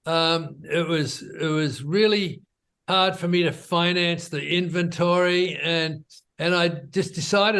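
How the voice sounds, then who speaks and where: High-voiced man telling a casual story. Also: slow pace, smooth. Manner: relaxed, conversational, peppered with "you know" and "right?". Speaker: business founder guest.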